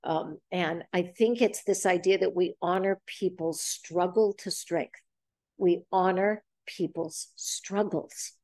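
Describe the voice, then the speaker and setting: A woman's voice: fairly low pitch, darkish tone, dry recording. Older woman host, 70s, chatty storyteller, acts out the quotes, dry close sound. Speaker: host leading a group talk. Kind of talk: casual group chat. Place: boxing gym.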